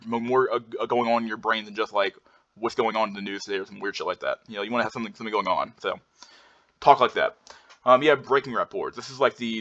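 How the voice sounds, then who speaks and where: A man's voice: lowish voice, pushed and bright. A man presenting slides in a casual lecture, rambling with many fillers and restarts and blunt swearing. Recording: dull lo-fi recording.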